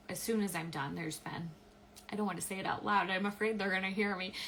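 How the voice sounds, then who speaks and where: A woman's voice: medium pitch, fairly bright tone, a little hiss or hum, rough recording. A young adult woman hosting a casual live stream, chatting with many "um"s and restarts as she answers viewer questions. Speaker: live-stream host, affiliate marketer.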